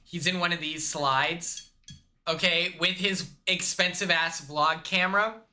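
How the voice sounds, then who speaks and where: A young man on a live stream, telling a made-up movie plot in a rambling, animated way, full of restarts. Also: fairly high pitch, a little slow, slight background noise. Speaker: streamer, reality show contestant. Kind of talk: casual live-stream storytelling.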